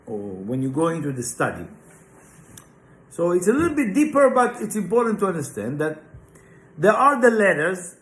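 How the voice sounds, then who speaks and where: High-voiced man teaching in an echoey room. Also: big pitch swings, moderate pace, pauses often, a bit bright. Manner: emphatic, full of rhetorical questions and "right?" check-ins. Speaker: Kabbalah teacher. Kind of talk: informal spiritual lesson. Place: class room, live and online.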